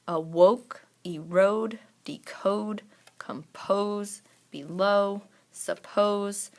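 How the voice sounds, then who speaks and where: A woman teacher walks through a recorded spelling lesson, sounding out each word slowly and carefully. Her voice sits low and has a gravelly edge. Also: fairly bright tone. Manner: slow, deliberate word-by-word demonstration.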